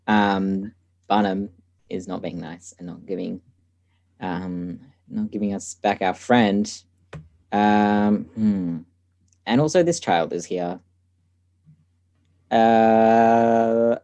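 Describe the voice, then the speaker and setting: A man's voice: on the low side, darkish tone. A man playing a tabletop game, talking casually with many fillers. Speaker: player. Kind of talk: tabletop game play over a call.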